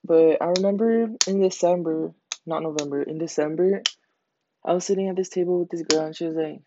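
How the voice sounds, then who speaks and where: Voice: medium pitch, a little fast, noisy background. Rambling, slangy teen podcaster, lo-fi. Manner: rambling, slangy, heavy swearing. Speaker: podcast host. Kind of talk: casual storytelling monologue. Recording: dull lo-fi recording.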